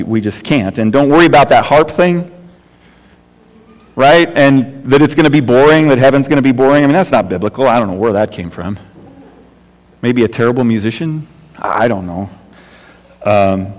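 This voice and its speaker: A middle-aged man, a pastor, preaching a conversational sermon with lots of repetition and rhetorical questions. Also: on the high side. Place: church sanctuary. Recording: reverberant church hall.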